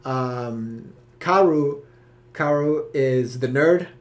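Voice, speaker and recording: Halting young man on a live stream. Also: mid-range voice, heavy background noise. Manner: halting, loose explanations peppered with "you know"; enthusiastic about his characters. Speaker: series creator hosting a cast Q&A.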